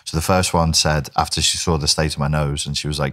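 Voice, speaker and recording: A man's voice: extremely low pitch, flat delivery, quick pace, fairly bright tone. A man hosting a casual podcast chat, telling stories in a self-mocking way and acting out the dialogue. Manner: self-mocking, acts out quoted dialogue in shifting voices. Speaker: podcast host.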